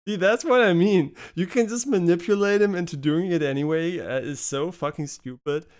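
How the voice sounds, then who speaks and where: A man's voice: high-pitched, moderate pace, clean tone. A male game streamer chatting casually on a live stream, swearing and laughing as he teases a voice assistant. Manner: profane, laughing, teasing a voice assistant.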